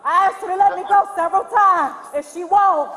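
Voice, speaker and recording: A woman under arrest, pleading and shouting insistently outdoors. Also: very high voice, fairly quick. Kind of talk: heated argument during an arrest. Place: outdoors on a street with a crowd. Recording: loud crowd noise outdoors.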